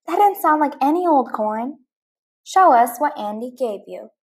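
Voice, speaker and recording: A woman's voice: sits high, expressive, measured pace, a little mellow, breathy edge, exaggerated voice. A woman doing a chirpy cowboy toy storyteller. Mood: coaxing. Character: folksy cheerful cowboy toy, male, storyteller.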